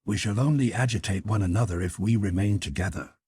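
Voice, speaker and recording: Composed, gentle woman, low and husky, read by a male narrator, steady persuasion. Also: fast talker, no room sound, studio quality. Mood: calm, persuasive. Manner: gentle, reasonable, soothing.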